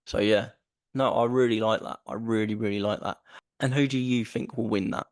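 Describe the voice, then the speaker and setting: A man's voice: on the low side, fairly even intonation, moderate pace, no room sound, studio quality. A man co-hosting a casual podcast chat, enthusiastic and rambling, often repeating himself. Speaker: podcast co-host.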